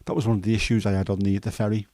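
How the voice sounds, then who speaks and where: A hoarse man in his fifties with a Scouse accent, chatting loosely on a livestream and wandering between jokes with plenty of ums. His voice is low and mellow, recorded dry and close. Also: flat delivery, rapid-fire, no room sound. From Liverpool, England. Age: 50s. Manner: rambling, jokey, many fillers. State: hoarse throat. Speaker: livestream host. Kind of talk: casual chat.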